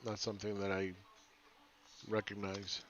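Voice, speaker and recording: A man's voice: fairly low pitch, completely flat delivery, unhurried, fairly bright tone, dull audio, slight background noise. A man giving casual, rambling live chart commentary as a market analyst, often asking "right?".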